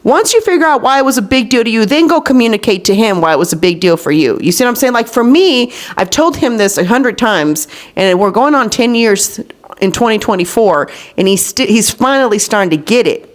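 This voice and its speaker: A woman's voice: fairly high pitch, expressive, a little fast. A woman in her thirties hosting a podcast, telling candid stories in casual chat and acting out the people she quotes. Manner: candid storytelling, acts out quotes. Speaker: podcast host.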